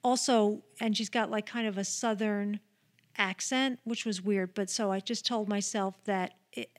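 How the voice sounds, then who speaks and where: Animated woman podcaster with stumbling restarts. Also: medium pitch, measured pace. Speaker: podcast co-host. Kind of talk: casual film chat.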